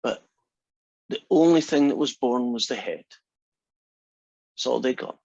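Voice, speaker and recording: A man's voice: medium pitch, measured pace, vocal fry, a little mellow, breathy edge, no room sound. Guy teaching a math class, jokey and chatty, muffled lo-fi classroom recording. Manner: chatty and joking, talks through steps conversationally. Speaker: math instructor. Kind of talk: casual classroom lecture. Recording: dry, dull lo-fi lecture recording.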